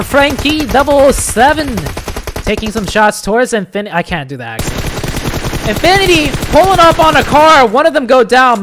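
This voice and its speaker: Solo esports caster, chatty then excitable. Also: mid-range voice, slight background noise. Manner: chatty and offhand in lulls, bursting into excited calls during fights. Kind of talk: solo play-by-play commentary on a live stream. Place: home room, seated at a streaming setup. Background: faint game gunfire.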